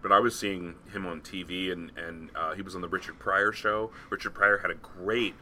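Lively, bright-voiced man. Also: low-pitched, normal speed, a little hiss or hum. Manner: animated storyteller, acts out quoted voices. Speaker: podcast co-host. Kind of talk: casual chat.

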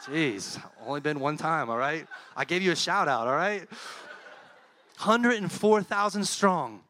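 A middle-aged pastor, preaching a sermon in a conversational, animated way and dropping to a soft, low voice for heartfelt points. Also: male voice, measured pace, a little hiss or hum.

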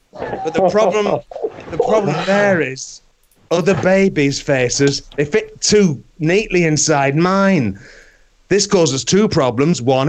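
A man's voice: mid-range voice, natural voice. A man playing Chloe, a crude, boastful baby with an inverted face, in a rambling comic monologue full of swearing. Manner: swearing, rambling, giggling mid-line.

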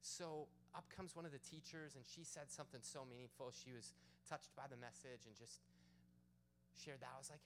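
Casting young male pastor, lively storyteller, faint hum under the voice. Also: medium pitch, brisk. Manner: animated storyteller acting out quotes. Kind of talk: sermon with storytelling.

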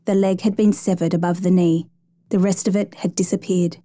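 A woman narrating a true rescue story in a measured, even storytelling manner. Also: fairly low pitch, no echo. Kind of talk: scripted narration.

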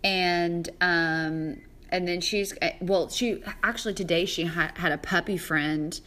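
A woman co-hosting a podcast in a casual chat, enthusiastic and encouraging and quick to gush over what her partner says. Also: fairly low pitch, fairly even intonation, pushed and bright.

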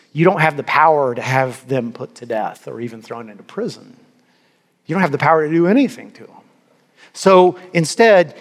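A male pastor delivering a sermon in a fairly high voice for a man, earnest and emphatic, doubling words as he presses his point. His voice carries a long hall reverb, as in a church sanctuary.

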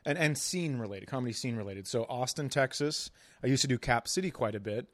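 A man's voice: mid-range voice, a little fast. A man chatting as a podcast guest in an easygoing way, sometimes restarting his thoughts. His voice is close and dry, with no room echo around it. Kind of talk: casual chat.

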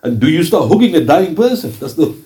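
In a very animated, mellow voice that's a little high, this man talks fast through an Islamic history lecture as a religious teacher. He reads out narrations and asks rhetorical questions, frequently dramatizing the people he quotes.

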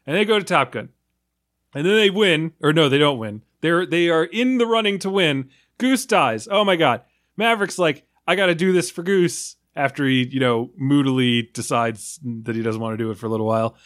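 A man's voice: fairly high pitch, fairly quick, fairly bright tone. A man on a film podcast who rants in a casual, rambling way with frequent swearing.

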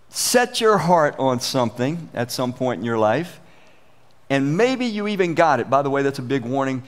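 A man preaching a sermon as pastor, earnest and conversational, often restarting his phrases. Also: fairly high pitch.

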